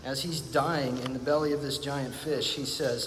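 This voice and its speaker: A man's voice: medium pitch, steady tone, normal speed, hardly any pauses, a bit bright. Earnest preaching man in a reverberant space. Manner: earnest, reflective, repeats phrases for emphasis. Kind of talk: sermon. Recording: long reverb, faint background noise.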